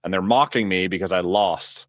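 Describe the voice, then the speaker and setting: A man's voice: low-pitched, normal speed, a bit bright, no room sound, clean studio sound. A man co-hosting a board game podcast in casual chat, playful and rambling as he tells stories. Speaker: podcast co-host.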